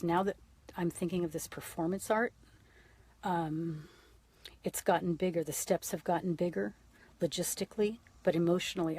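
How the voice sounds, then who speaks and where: A woman's voice: on the low side, dark tone, slightly rough. A woman in her fifties hosting a casual livestream, talking frankly and profanely straight to her viewers. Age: 50s. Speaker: livestream host.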